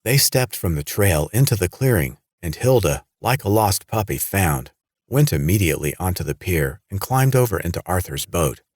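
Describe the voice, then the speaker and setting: A man with a very low, husky voice reads a horror audiobook. His delivery moves up and down in pitch with dramatic flair. The recording is close and dry. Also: moderate pace, no room sound. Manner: dramatic, lively storytelling. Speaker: audiobook narrator. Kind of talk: scripted horror narration.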